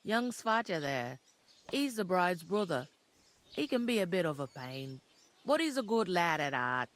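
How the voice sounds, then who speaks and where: A woman's voice: fairly low pitch, sing-song, a little slow, a little hiss or hum. A woman voicing a chatty, earthy village tavern keeper in a game, talking in a folksy, gossipy way. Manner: gossipy, homely, folksy talk.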